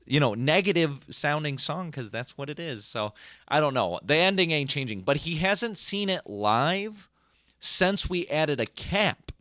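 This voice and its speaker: A man's voice: on the high side, measured pace, no room sound, studio quality. A young man on a podcast, chatting casually and rambling as a band singer, with lots of "like" and mouth-made riff sounds. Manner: rambling and animated, full of "like", mimics riffs with "bum" and "dun" sounds. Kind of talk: casual chat.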